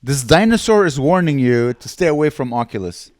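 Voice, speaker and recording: A man's voice: medium pitch, expressive, brisk. A young man co-hosting a comedy podcast, teasing and crude, laughing often. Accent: Montreal English. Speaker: podcast co-host. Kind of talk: casual comedic banter.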